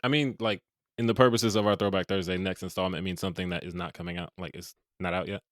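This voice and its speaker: A man hosts a relaxed movie podcast at a brisk clip. His voice sits a little low, and he jokes and laughs with his co-hosts. The sound is dry and close. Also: no room sound. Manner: fast, joking, laughs often. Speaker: podcast host. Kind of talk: casual chat.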